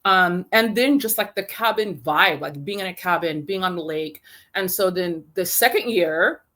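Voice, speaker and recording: A woman, a film festival founder, telling stories in a casual interview, rambling and animated with many fillers. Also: fairly low pitch, moderate pace.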